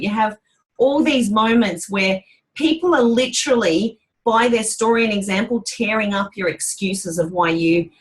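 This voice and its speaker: A woman leading a motivational team call. She talks fast and with a lot of enthusiasm, keeping the energy up as she hands the floor from one speaker to the next. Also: mid-range voice, poor audio. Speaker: call host.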